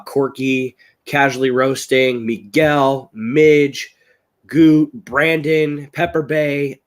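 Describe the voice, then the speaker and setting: An American man recovering from illness, telling stories in a rambling, excitable way on a live video call. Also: medium pitch. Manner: rambling, excitable storytelling, raises voice when recounting. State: ill, voice strained. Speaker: guest, chili-eating champion. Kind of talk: casual live-stream chat. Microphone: webcam on a live video call.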